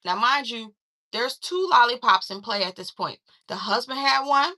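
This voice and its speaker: A woman casually recapping a movie plot, retelling the story in an animated way with lots of fillers and restarts. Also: on the high side, normal speed. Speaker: movie reviewer.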